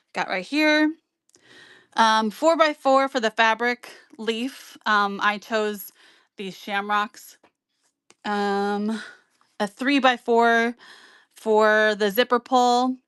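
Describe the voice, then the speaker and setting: A woman hosts a sewing stream and explains each step at an unhurried pace, with plenty of filler words. Her voice is smooth and clear. The sound is dry and close, with almost no room echo. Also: medium pitch, a bit bright. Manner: chatty and rambling, many ums, greets viewers by name. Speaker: sewing livestream host. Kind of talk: casual sewing tutorial on a live stream.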